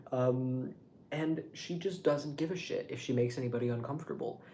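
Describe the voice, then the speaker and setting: A man's voice: medium pitch, moderate pace, a little hiss or hum. Rambling, swearing young man. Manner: rambling, animated, swears freely. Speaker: vlogger. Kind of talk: casual monologue to camera.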